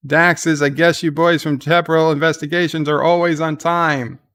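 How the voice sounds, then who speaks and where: A man's voice: on the high side, little pitch movement, moderate pace, a bit bright, smooth. A man hosting a live reaction stream, retelling the scenes in a casual, rambling way with restarts and fillers.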